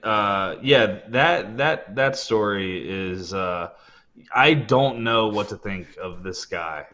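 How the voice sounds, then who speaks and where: A man co-hosting a casual roundtable chat, talking haltingly with many ums and uhs. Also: lowish voice, pushed and bright, highs cut off. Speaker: podcast co-host.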